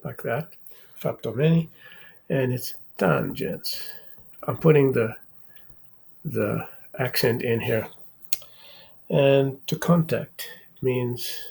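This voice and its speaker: Slow gravelly man lecturing math. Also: medium pitch, darkish tone. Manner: slow, halting, repeats words, says "okay?" often. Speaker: math channel host.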